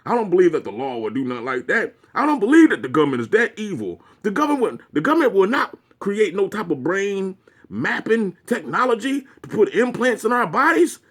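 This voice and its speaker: A man's voice: high voice, big pitch swings, a little fast, voice pushed up, exaggerated voice. A man mimicking a naive, trusting man who insists he believes in the system, in a mocking sing-song voice.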